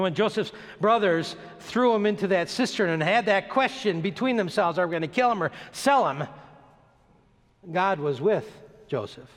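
A man preaching a sermon, dropping his voice low on slow, emphatic lists and rising sharply as he presses each point. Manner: dramatic rises and drops, slow emphatic lists. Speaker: pastor. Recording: long hall reverb.

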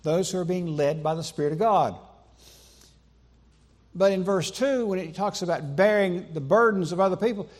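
In a church sanctuary, a high-pitched male pastor preaches emphatically, using slow, deliberate pauses and repetition for emphasis.

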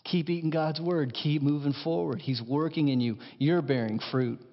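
A man preaching a sermon as pastor, impassioned, dropping to hushed lines and rising to emphatic ones. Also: fairly high pitch, steady tone, normal speed. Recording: dull sound in a large reverberant hall.

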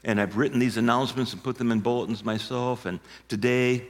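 An older man in his sixties delivers a sermon as a longtime pastor. His pitch sits in the middle of the range, and he builds his stories toward emphatic, shouted punchlines. His voice carries a long reverb, as if filling a church sanctuary. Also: steady tone, a little fast.

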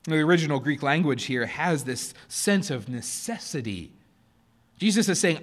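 A man preaching a sermon to his church, earnest, pressing his points hard and then dropping to a softer, quieter tone. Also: a little high, animated, moderate pace. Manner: earnest, rising to emphatic stresses then dropping soft. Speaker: pastor. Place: church sanctuary.

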